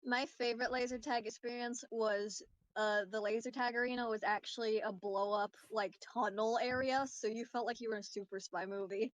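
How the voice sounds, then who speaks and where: A woman in a tabletop game chiming in with quick suggestions and asides. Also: a little high, fairly even intonation, no echo. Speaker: player. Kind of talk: tabletop role-play chat.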